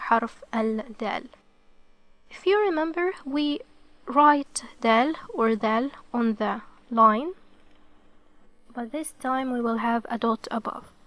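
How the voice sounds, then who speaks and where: A woman's voice: a little high, fairly bright tone, no room sound. A woman teaching the Arabic alphabet to beginners, explaining each step patiently and checking in with "okay". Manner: slow and careful.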